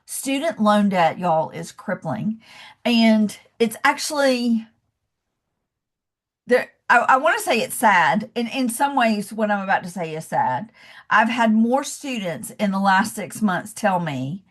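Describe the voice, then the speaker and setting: A woman's voice: medium pitch, lively intonation, unhurried. A woman with a Southern US accent giving a casual, encouraging webinar presentation as a coach over a video call. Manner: chatty and encouraging, says y'all and calls listeners love.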